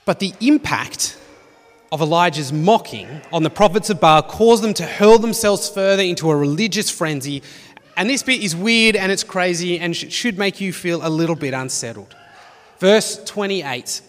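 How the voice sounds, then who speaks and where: A man's voice: high voice, lively intonation, normal speed. A man preaching a sermon, reading Bible passages expressively with dry humour. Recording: long reverb of a hall.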